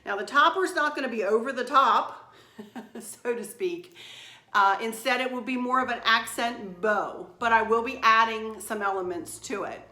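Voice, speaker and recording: A woman's voice: a little high, normal speed, sharp tone. A middle-aged woman, hosting a craft tutorial in a chatty, rambling, upbeat way from a room at home. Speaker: craft channel host. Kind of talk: casual craft tutorial chat. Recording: roomy with faint background noise.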